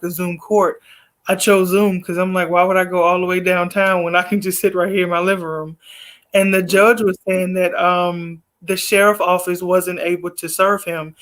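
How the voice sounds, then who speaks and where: A guest poet, a man whose voice sits high and fairly bright, spins a lengthy, easygoing tale over a video call. Filler words pile up as he wanders, and he performs each quoted back-and-forth.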